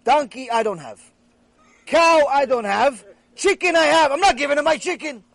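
A man's voice: medium pitch, very animated, very fast, breathy edge, no room sound, voice pushed down. A man playing a stubborn poor man who refuses to give up his chicken, talking insistently. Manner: insistent, emphatic.

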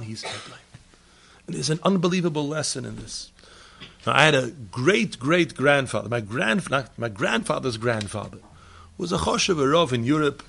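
A man giving a sermon as a rabbi, swinging from loud emphatic peaks to quiet, low asides. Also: sing-song, moderate pace, vocal fry, husky.

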